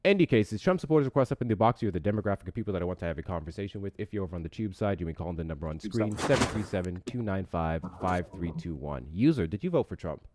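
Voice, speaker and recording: Animated swearing live-stream host, a man. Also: low voice, fast talker, few pauses. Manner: loud, swearing, laughs a lot. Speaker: livestream debate host. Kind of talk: casual live-stream talk.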